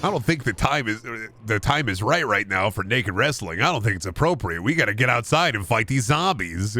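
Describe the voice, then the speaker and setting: A man's voice: on the low side, lively intonation, brisk, sharp tone. A man streaming a game, chatting casually and riffing through absurd comedy bits in a rambling way.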